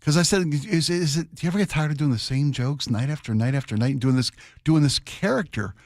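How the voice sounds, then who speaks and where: A man's voice: fairly high pitch, fast, a little mellow, no echo. Chatty male radio host, dry studio sound. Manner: chatty storyteller, many restarts. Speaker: radio talk show host. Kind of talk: casual radio chat. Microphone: studio microphone.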